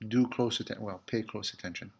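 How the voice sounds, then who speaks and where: A man teaching a language lesson as a French teacher in a school building, patiently repeating each phrase slowly. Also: on the low side, steady tone, vocal fry, husky.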